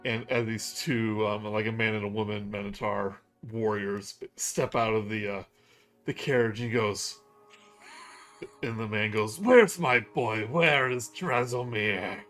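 A man's voice: on the low side, level tone, measured pace, faint music behind. A man narrating a tabletop game as game master, loosely and full of fillers.

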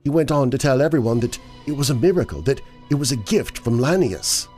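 A man's voice: mid-range voice, lively intonation, brisk, a little mellow, soft background music, pitched above the performer's own voice, natural voice. A man voicing a distraught young woman in a horror story, speaking in a tearful, quivering way.

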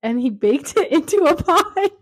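A young woman in her twenties telling a dating story in casual chat, animated and often laughing as she talks. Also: high-pitched, normal speed, no room sound. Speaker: podcast guest.

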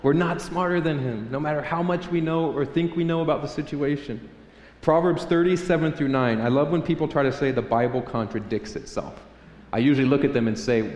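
Joking and performing prayers loudly, a pastor delivers a sermon to a congregation in an echoey hall with faint room ambience. His slightly high voice is brisk and a little mellow.

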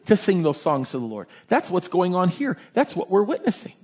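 A male pastor preaching a sermon in a lively, conversational way, often tossing in "right?" asides. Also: on the high side, a little fast, hardly any pauses, husky, muffled recording.

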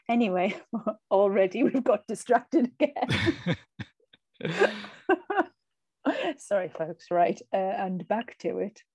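A woman's voice: mid-range voice, very animated, extremely slow, long pauses, a little mellow, husky, dry recording. A woman co-hosting a podcast, chatting casually, thinking aloud and laughing easily. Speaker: podcast co-host. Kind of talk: casual film chat.

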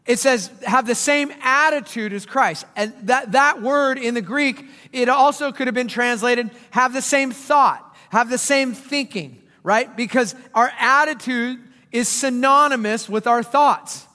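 Male pastor, high bright voice, casual joking sermon delivery, church hall reverb. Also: a little slow. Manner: conversational, joking preacher with dramatic swings in loudness. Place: church auditorium.

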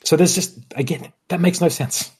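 Husky-voiced man chatting about films. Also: a little high, moderate pace. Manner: animated, acts out lines mid-sentence. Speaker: podcast co-host. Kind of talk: casual film discussion.

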